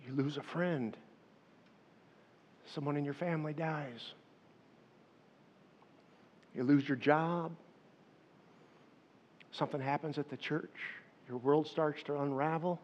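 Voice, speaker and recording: A man's voice: on the high side, takes it slowly, pauses often, slight background noise. A man in his fifties preaching a sermon, telling stories animatedly and talking directly to his congregation. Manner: animated storytelling, addressing the congregation. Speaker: pastor. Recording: echoey hall, dull lo-fi sound.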